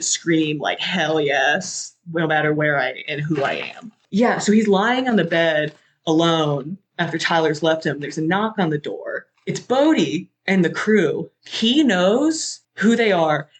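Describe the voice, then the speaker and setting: Rich, a podcast host, describes a film scene in easygoing, chatty talk. His delivery is lively and packed with fillers and casual swearing, and his pitch sits in the mid range.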